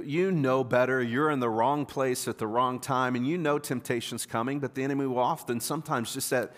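A man's voice: mid-range voice, a bit bright. A man preaching a sermon in a conversational way, often repeating words and asking the congregation questions. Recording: long hall reverb.

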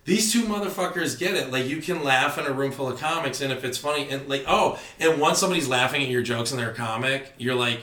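A young man, a stand-up comedian, telling stories in casual podcast chat, animated and swearing freely. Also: medium pitch, quick pace, few pauses, echoey room. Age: young adult. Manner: animated storytelling, heavy swearing.

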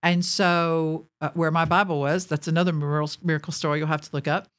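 A ministry speaker in her forties shares her personal testimony, speaking quickly in a low-sitting voice. She's an animated storyteller who laughs between lines and addresses her audience directly.

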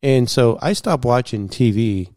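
A man guest in casual storytelling, animated, acting out what others said and using many fillers. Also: mid-range voice, unhurried, dry recording, clean studio sound. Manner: animated, acts out quoted dialogue, many fillers.

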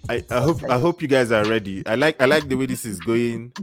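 A man hosting a live talk show, animated and teasing, repeating himself as he reads out viewer comments. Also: mid-range voice, fairly quick. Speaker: show host.

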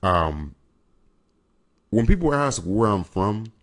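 A man's voice: lowish voice, very animated, slow pace. A young man hosting his own podcast, chatting casually from California, rambling and joking as he corrects himself. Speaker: podcast host. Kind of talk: casual chat.

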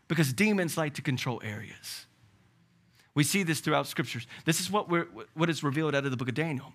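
Man pastor preaching, bright voice, punchy n animated, faint music under. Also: a little high. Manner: emphatic, animated preaching with rhetorical questions. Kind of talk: sermon.

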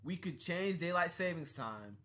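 A man's voice: on the high side, lively intonation, moderate pace, a bit bright. A man co-hosting a casual chat about ballot measures, talking bluntly and emphatically with plenty of swearing.

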